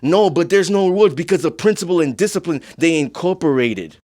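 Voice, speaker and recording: A man's voice: on the high side, lively intonation, a little fast, a little mellow. A man hosting a podcast in a casual monologue. He talks bluntly and emphatically, swears freely, and keeps checking in with "you know what I'm saying.". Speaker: podcast host.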